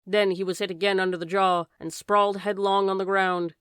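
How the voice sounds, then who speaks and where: A woman narrating a classic science fiction novel as an audiobook, reading dramatically and raising her voice for shouted lines. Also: medium pitch, flat delivery, brisk, clean tone, no echo, clean studio sound. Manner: raises voice sharply for shouted lines.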